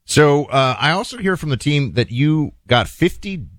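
A man's voice: on the high side, animated, normal speed, a bit bright, dry recording, studio quality. A male radio talk show host interviewing a guest politely and eagerly, then reading a sponsor spot. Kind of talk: interview and live ad read.

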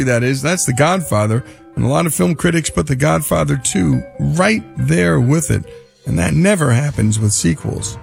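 A man's voice: fairly high pitch, gravelly, darkish tone. A male radio host wrapping up a segment in an enthusiastic broadcast style. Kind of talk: broadcast talk.

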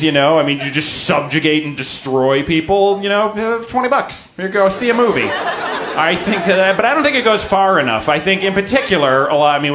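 Wry stand-up man in a roomy club. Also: on the high side. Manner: deadpan and wry, breaking into laughs. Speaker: stand-up comedian. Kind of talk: stand-up set.

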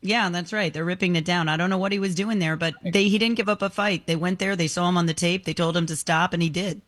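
A woman's voice: on the low side, steady tone, fast, fairly bright tone. A woman reading news items on a morning show, telling each story in a chatty, conversational way while outdoors. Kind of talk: casual news chat. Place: outdoors in the sun.

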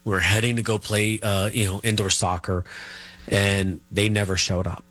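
Middle-aged male guest, a bit low-pitched, talks in loose, halting, filler-heavy stories. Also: flat delivery, a bit bright. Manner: rambling, halting, full of fillers and restarts. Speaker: interview guest. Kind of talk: casual storytelling interview.

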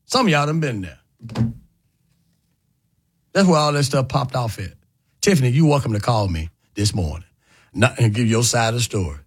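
A man hosting a morning call-in radio show, telling a story in a loose, colloquial, animated way. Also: moderate pace, long pauses, breathy edge. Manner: animated, colloquial storytelling with lively pitch swings. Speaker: radio talk show host.

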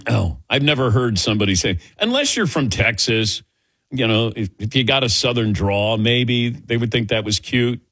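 Male sports radio host, middle-aged, from the Midwest, lively swooping pitch, husky dry voice. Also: normal speed, no echo. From American Midwest. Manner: jokey, laughs easily, animated storytelling.

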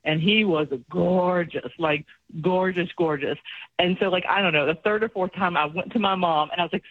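A man's voice: high-pitched, moderate pace, breathy edge, narrow, tinny audio. A man co-hosting a morning radio show, telling a personal story casually and laughing through it.

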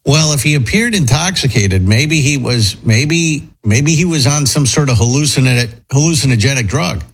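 A man's voice: medium pitch, normal speed, husky, low-quality recording. A man hosting a morning radio show, talking casually in a rambling, speculative way. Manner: rambling, speculative, animated storytelling.

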